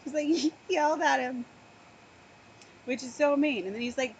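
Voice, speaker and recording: A woman's voice: high-pitched, moderate pace, long pauses. A woman co-hosting a casual podcast, telling a story with lots of laughter and the odd swear word. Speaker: podcast co-host.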